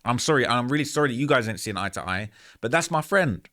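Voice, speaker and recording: A man's voice: mid-range voice, lively intonation, quick pace, bright, forceful tone. A man telling a story to camera in a candid, rambling way, frustrated and earnest, often saying "man" and "bro.". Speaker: YouTuber recounting a story to camera. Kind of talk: casual storytelling monologue.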